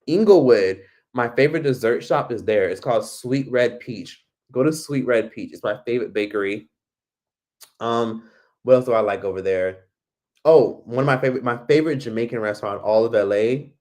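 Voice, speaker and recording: A man hosting a relaxed livestream, answering viewer comments one after another. His voice sits on the low side but jumps up in excited bursts. He talks in a loose, expressive way and swears casually. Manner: chatty, animated, swearing freely. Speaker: livestream host.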